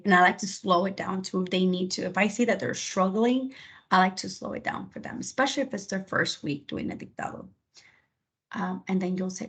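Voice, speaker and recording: A woman presents a classroom method to fellow teachers in a relaxed, conversational way, with plenty of fillers and asides. Her voice is husky and sits at an ordinary middle pitch. Now and then she slips into a lively teacher voice to show how she talks to her class. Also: normal speed, low-quality recording. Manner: conversational, many fillers and "you know". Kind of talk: conference presentation.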